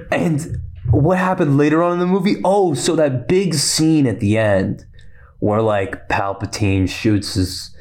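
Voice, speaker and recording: A man hosting a podcast, chatting casually about films, talking fast and rambling with lots of fillers and restarts. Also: fairly high pitch, very animated, darkish tone. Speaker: podcast host. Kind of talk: casual rambling film chat.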